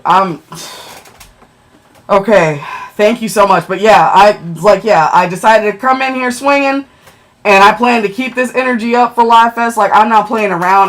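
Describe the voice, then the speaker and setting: A woman chatting on a livestream, excitable and emotional as she thanks viewers for gifts and checks her ranking. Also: mid-range voice.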